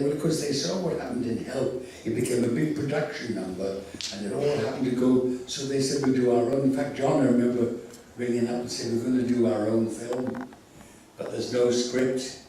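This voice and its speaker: An older man telling theatrical, animated anecdotes as a convention guest, recorded from far off in an echoey hall. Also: mid-range voice, moderate pace, a little hiss or hum. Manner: theatrical, animated storyteller with laughs. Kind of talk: anecdotal storytelling.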